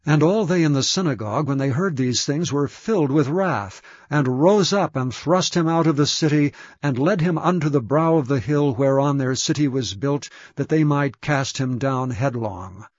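A man giving a measured, solemn scripture reading. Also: medium pitch, no room sound. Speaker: scripture reader. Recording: dull, dry lo-fi recording.

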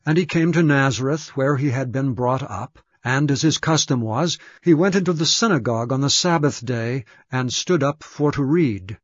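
A man giving a measured, solemn scripture reading. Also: medium pitch, no echo. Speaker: scripture reader. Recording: dull, dry lo-fi recording.

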